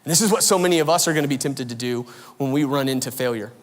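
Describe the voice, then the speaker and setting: A man's voice: mid-range voice, very fast. Male pastor preaching in a reverberant hall. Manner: animated storytelling, voices swing loud and soft. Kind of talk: sermon. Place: large church auditorium.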